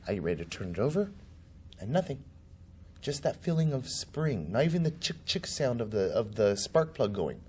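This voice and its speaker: In a political candidate interview, this man recounts a personal story with vivid energy, performing the voices of the people in it. His voice sits lowish, with a darkish tone and a breathy edge.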